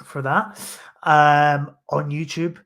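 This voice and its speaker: A man's voice: a little high, flat delivery, slow, fairly bright tone, muffled recording. A man hosting a live podcast in casual chat, jokey and rambling, with mild swearing. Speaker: podcast host.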